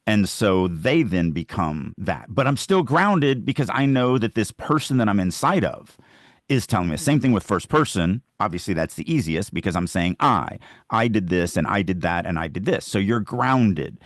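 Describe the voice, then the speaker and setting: A man with a low voice talks about writing in a podcast chat. He makes emphatic points from the reader's side, recorded dry and close with no room sound. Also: expressive, normal speed, dry recording. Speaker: podcast co-host. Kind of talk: casual discussion on writing craft.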